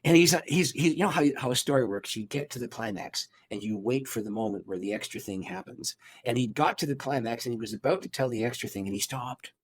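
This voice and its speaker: A middle-aged male pastor recounts a story in an interview. His pitch sits in an ordinary middle range. He speaks in a lively, animated way, breaking off and restarting his sentences as he goes. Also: quick pace, few pauses.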